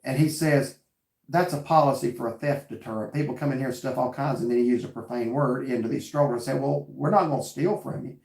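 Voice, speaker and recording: A man tells a story in a relaxed, earnest way and acts out both sides of the exchange. His voice sits at an ordinary middle pitch. The room around him rings with echo. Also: fast talker, vocal fry. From North Carolina. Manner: drawling, earnest storytelling with quoted dialogue. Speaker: vlog host reading live chat. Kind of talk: casual storytelling chat.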